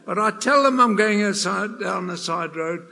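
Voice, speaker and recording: An older man preaching a sermon in a church, swinging between hushed passages and loud, passionate emphasis. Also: high-pitched, normal speed, vocal fry.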